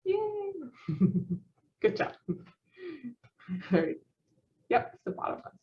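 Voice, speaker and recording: Slow-talking woman coaching a phonetics drill. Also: sits high, huge pitch swings. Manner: encouraging, praises answers, laughs often. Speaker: phonetics practice leader. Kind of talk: teaching an online phonetics practice session. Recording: dull muffled lo-fi audio.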